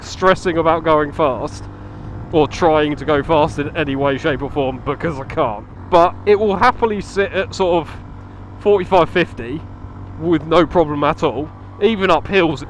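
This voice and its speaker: A man's voice: fairly high pitch, a little hiss or hum. Chatty man on a motorbike. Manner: chatty, laughs a lot, swears casually. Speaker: motovlogger. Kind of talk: casual chat while riding. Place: on a motorcycle outdoors on country roads.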